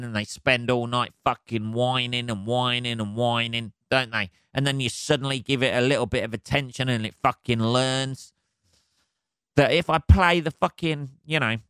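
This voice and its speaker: In a studio-quality recording with no room sound, a man hosts a podcast and rants comically solo in a smooth, mid-range voice. He's animated, laughs frequently and swears constantly.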